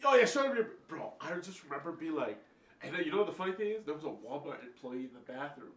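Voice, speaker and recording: Lively high-voiced young man, echoey. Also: fast, recorded from a distance. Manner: excitable, animated storytelling. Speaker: podcast guest. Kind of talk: casual podcast chat. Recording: echoey room.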